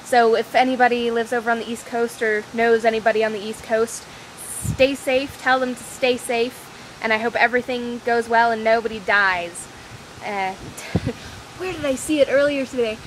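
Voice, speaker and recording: A young woman rambles through a casual daily vlog while walking outdoors on a windy day. Her voice sits a little high, she jumps from topic to topic and teases herself, and faint outdoor noise runs underneath. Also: steady tone, moderate pace, poor audio. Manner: rambling, scattered, self-deprecating. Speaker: vlogger. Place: outdoors on a windy, rainy walk. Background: wind and outdoor ambience.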